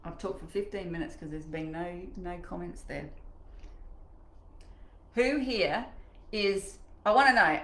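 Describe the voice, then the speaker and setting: Woman, middle-aged, mindset coach, chatty and animated, live online session, mid pitch, echoey room. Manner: animated and chatty, acting out inner voices.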